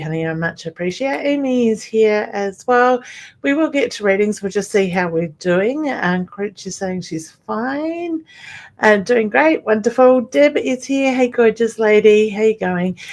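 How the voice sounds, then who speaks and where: A woman's voice: fairly high pitch, lively intonation, a little slow. A woman hosting a psychic medium live stream, feeling tired and under the weather, greeting viewers by name and reading their comments aloud. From Australia. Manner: warm greetings, calls viewers honey and gorgeous, reads comments aloud. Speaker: psychic medium livestream host.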